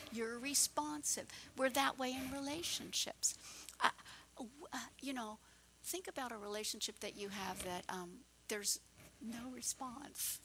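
A woman's voice: a little high, fairly bright tone, slight background noise. A woman pastor preaching a fervent, encouraging sermon.

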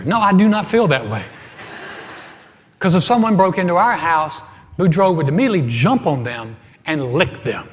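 A middle-aged man preaching as pastor, telling a humorous story with animated swings from loud to soft. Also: a little high, normal speed. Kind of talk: humorous sermon. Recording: hall reverb.

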